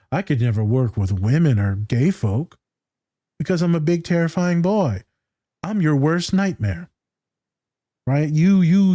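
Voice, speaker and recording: Male podcast host, therapist, fairly high voice, dry close sound, animated and profane. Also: no room sound. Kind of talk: casual chat.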